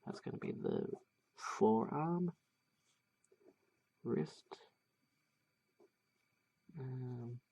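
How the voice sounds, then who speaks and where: A man's voice: mid-range voice, extremely slow, creaky, long pauses, breathy edge, lo-fi sound. A man narrating a drawing tutorial casually, thinking aloud with many fillers and restarts. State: has the hiccups.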